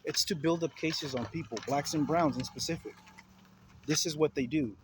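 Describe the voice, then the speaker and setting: A man's voice: a little high, normal speed, a little hiss or hum, poor audio. A man ranting heatedly to his viewers in a video commentary, repeating himself and confronting his listeners with questions. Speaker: vlogger.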